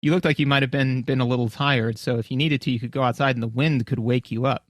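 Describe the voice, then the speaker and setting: A man's voice: medium pitch, steady tone, quick pace, dry recording, studio quality. A man co-hosting a casual podcast chat who tells stories playfully and does voices for people he quotes. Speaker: podcast co-host.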